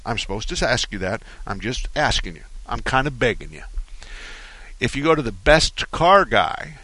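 A man's voice: mid-range voice, very animated, moderate pace, sharp tone, dry recording. A man hosting a talk radio car show, rambling through folksy stories in a studio. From Arizona. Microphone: studio microphone.

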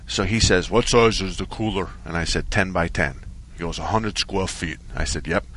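A man hosting a call-in radio show about cars, telling a long story in a relaxed, rambling way. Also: low voice, moderate pace. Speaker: radio car-advice show host. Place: radio studio.

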